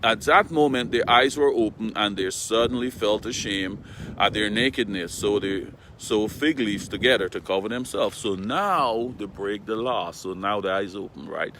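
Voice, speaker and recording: A man's voice: fairly low pitch, moderate pace, a bit bright, slight background noise. A man giving a casual morning Bible talk, retelling scripture in plain everyday words and often asking his listeners "right?". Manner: conversational, checks in with "right?". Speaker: preacher. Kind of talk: morning devotional Bible teaching.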